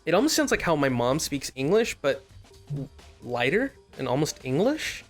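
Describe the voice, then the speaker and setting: A man's voice: a little high, sing-song, normal speed, faint music behind. A young man casually commenting while playing a game, loose and chatty, often reading dialogue aloud. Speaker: let's play host.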